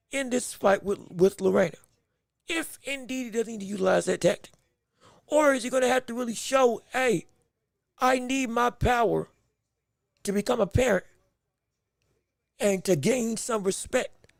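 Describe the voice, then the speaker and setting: A man with a very high, gravelly voice talks through a livestream boxing commentary as the show's host. His delivery is chatty and exclamatory, with frequent restarts and self-corrections. The sound is husky and dry, with faint music underneath. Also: no echo. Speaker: podcast host.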